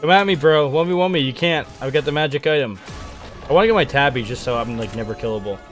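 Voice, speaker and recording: A young man giving playful, excitable live commentary on his own video game match, trash-talking and hyping himself up. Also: mid-range voice, quick pace, faint music behind. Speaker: gaming streamer.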